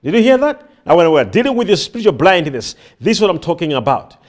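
Male preacher, high voice, swooping pitch, emphatic, repeats phrases, questions the congregation. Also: sing-song, fast. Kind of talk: sermon. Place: church before a congregation.

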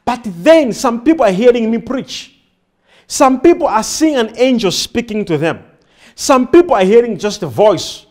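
Male preacher, high voice, swooping pitch, emphatic, repeats phrases, questions the congregation. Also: animated, normal speed, darkish tone. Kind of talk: sermon. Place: church before a congregation.

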